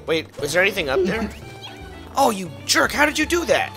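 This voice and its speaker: Excitable high-voiced man gaming with friends. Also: brisk, creaky. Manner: excitable, yelling and protesting at teammates. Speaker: let's play host. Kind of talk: multiplayer gaming banter. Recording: game music behind.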